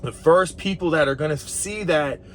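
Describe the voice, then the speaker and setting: Young man, truck driver vlogger, blunt and profane, fired-up monologue, a bit high-pitched. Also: moderate pace, slight background noise. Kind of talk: casual monologue to camera.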